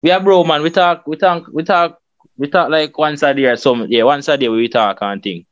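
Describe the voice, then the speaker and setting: A Jamaican man guesting on a podcast, talking in quick, relaxed patois. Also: fairly high pitch, no echo. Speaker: guest skit creator. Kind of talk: casual interview chat. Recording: dull, dry sound.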